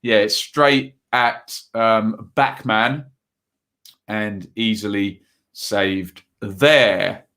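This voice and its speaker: A man's voice: fairly low pitch, drawn-out words, pushed and bright. A man hosting a casual live football stream, chatting loosely with many fillers as he reads out viewer comments between match updates.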